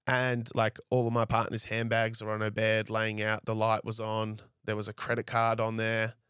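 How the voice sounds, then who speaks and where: A man's voice: on the low side, completely flat delivery, normal speed, a bit bright, smooth, no room sound, clean studio sound. A young man, telling a story as a podcast guest in a casual, rambling way. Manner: rambling, frequent "like" and "I was like".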